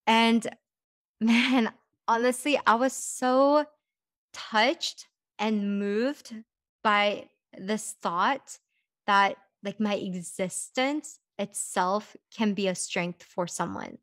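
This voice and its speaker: A woman's voice: medium pitch, very slow, fairly bright tone, no room sound, studio quality. A young woman hosting a podcast, talking casually and reflectively, with frequent "like" and light laughs. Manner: chatty, says "like" often, laughs lightly. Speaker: podcast host.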